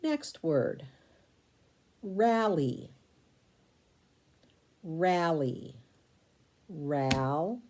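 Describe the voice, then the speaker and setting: A woman teaching a recorded spelling lesson, sounding out syllables slowly and spelling words letter by letter. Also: low voice, very animated, dark tone, slight background noise.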